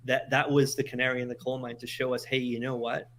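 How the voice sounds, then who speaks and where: Speaking quickly in a mid-range voice over a little hiss or hum, this podcast guest from Montreal, Canada spins animated stories in casual chat. He restarts often and repeats words along the way.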